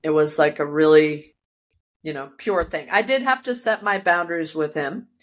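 Low-voiced woman telling a vivid story. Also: normal speed. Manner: vivid storyteller who acts out quoted voices. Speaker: guest. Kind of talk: personal storytelling in an interview. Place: her yoga studio.

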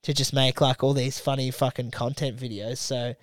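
A man's voice: mid-range voice, level tone, moderate pace, dry recording. Swearing young Australian man, tight dry sound. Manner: swears freely, acts out friends in quoted dialogue. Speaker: podcast co-host. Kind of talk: casual storytelling chat.

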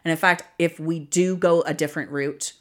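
A woman's voice: sits low, fairly even intonation, normal speed. A young woman hosting a solo podcast, talking casually and emotionally with lots of fillers and laughs. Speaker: podcast host.

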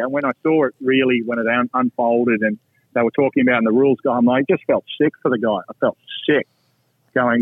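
A middle-aged Australian man, a podcast guest telling golf stories in a lively, blunt way with salty asides. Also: medium pitch, fairly quick, dry recording. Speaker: podcast guest, pro golfer. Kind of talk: casual storytelling. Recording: tinny phone-like line, dry.

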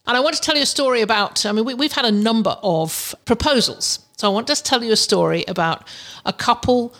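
A woman's voice: on the high side, fairly quick, fairly bright tone. Chatty woman hosting a podcast. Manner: chatty, with frequent restarts and fillers. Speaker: podcast host. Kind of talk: casual advice talk.

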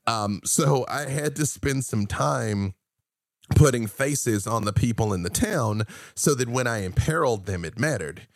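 A man's voice: mid-range voice, unhurried, dry recording, clean studio sound. A man guest on a podcast, animatedly telling tabletop game stories and acting out his players. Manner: animated storyteller, acts out players' lines. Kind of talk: casual podcast interview.

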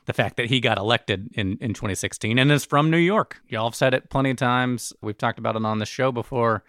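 A man hosting a podcast, measured and steering the discussion in casual chat. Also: medium pitch, fairly bright tone, dry recording, studio quality. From Alabama. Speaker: podcast host.

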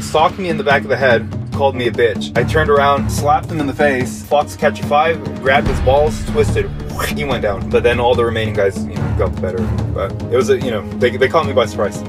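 A male podcast host telling a story from his past in a casual, profane, jokey way, exaggerating for laughs. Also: medium pitch.

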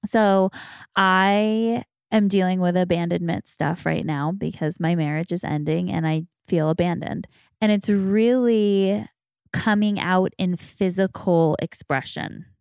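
Gravelly-voiced woman hosting a candid chat. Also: on the low side, steady tone, measured pace, darkish tone, dry recording, studio quality. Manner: candid, reflective storytelling. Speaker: podcast host. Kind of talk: casual chat.

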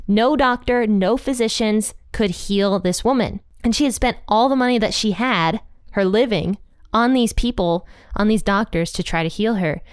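A woman talks through a Bible passage in a relaxed, chatty way, full of "like" and "you know". Her voice is smooth and clear, and the recording is dry and close with no room sound. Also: fairly high pitch, no room sound. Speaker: Bible teacher. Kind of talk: casual Bible commentary.

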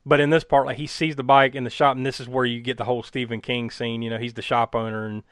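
A man's voice: medium pitch, flat delivery, fast, fairly bright tone, clean tone, no echo, clean studio sound. A man recapping a movie in casual chat, rambling with many fillers and frequent laughs. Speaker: podcast co-host recapping a film.

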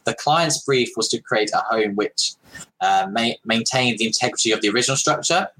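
Husky easygoing co-host man. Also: medium pitch, a little fast, pushed and bright, rough recording. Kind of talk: casual livestream chat.

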